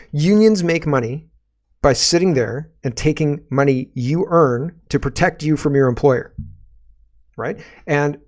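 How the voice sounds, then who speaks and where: A man's voice: a little high, darkish tone. A man hosting a political commentary show, sarcastic and rambling, often tagging his points with a rhetorical question.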